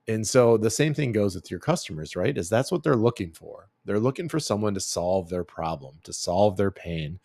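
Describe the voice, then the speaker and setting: A man's voice: low voice, darkish tone, no room sound. A middle-aged man giving a casual branding presentation, chatty and full of fillers and restarts. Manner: chatty, filler-heavy, self-correcting. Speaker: agency CEO giving a branding talk.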